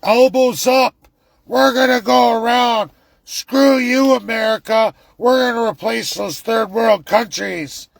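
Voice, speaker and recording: A man putting on a whiny, naive Canadian man's voice in a squeaky singsong of denial. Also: slow, creaky, no echo, clean studio sound, exaggerated voice. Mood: defiant jeering.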